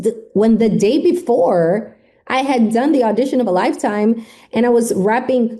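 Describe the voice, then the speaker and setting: A woman's voice: mid-range voice, moderate pace, warm tone. A woman guest on a podcast, emotionally retelling a personal story and acting out what people said. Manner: emotive retelling, acts out quoted speech.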